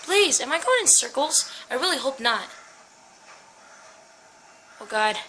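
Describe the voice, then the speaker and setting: A woman's voice: high-pitched, very animated, unhurried, bright, forceful tone, a little hiss or hum, rough recording. A young woman playing a horror game at home, frightened and jittery, swearing and talking to her viewers and her dog. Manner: swears and screams. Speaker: gaming channel host. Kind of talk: horror game let's play commentary.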